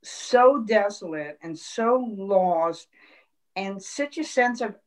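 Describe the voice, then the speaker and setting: A woman guest on a podcast, talking quietly and in a measured way about a hard time. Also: medium pitch, expressive. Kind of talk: reflective conversation.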